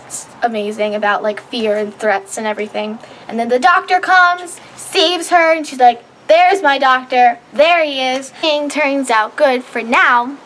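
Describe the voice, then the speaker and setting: A female host gushing about a TV episode in casual, excited chat, full of "like". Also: on the high side, moderate pace, few pauses, a little hiss or hum, rough recording. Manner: bubbly, gushing, lots of "like". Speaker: show host reviewing an episode.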